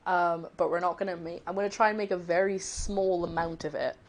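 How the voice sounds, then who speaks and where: Lowish woman chatting while cooking. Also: steady tone, a little fast. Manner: chatty, rambling, laughs easily, talks to chat. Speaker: cooking livestream host. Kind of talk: casual cooking livestream chat.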